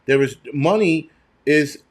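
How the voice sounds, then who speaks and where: A man's voice: on the high side, slow. A middle-aged man hosting a live stream, talking in a loose, rambling way and breaking into profane, heated rants with many restarts. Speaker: show host.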